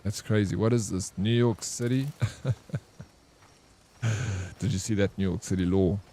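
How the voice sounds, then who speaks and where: This man's voice sits fairly low and sounds warm, with fairly even intonation and an unhurried pace. He streams games with loose, talkative commentary, cursing casually, addressing viewers as "bro," and responding to chat.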